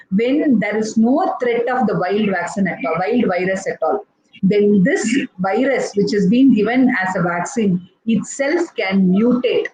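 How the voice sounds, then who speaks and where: An Indian woman pediatrician with an Indian English accent and a medium-pitched, darkish voice explains things step by step in a live online session, using many fillers and restarts. The audio is echoey, dull, and lo-fi, with faint noise.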